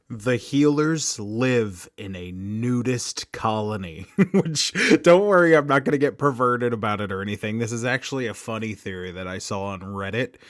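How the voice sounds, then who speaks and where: A man's voice: lowish voice, no room sound, clean studio sound. A man in his thirties hosting a casual commentary monologue, chatty, laughing often and jumping into sudden emphasis. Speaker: show host.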